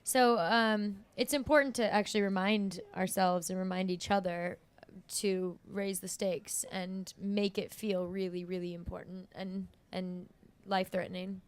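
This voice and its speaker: Smooth-voiced woman chatting enthusiastically. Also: medium pitch, fairly even intonation, unhurried. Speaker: actor guest. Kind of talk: casual interview chat.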